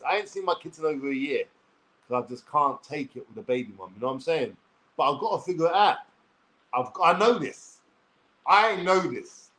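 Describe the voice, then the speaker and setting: A man's voice: a little high, a bit bright, low-quality recording. A man ranting crudely and bluntly to his viewers, swearing freely and addressing them directly. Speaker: vlogger. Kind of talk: direct-to-camera rant.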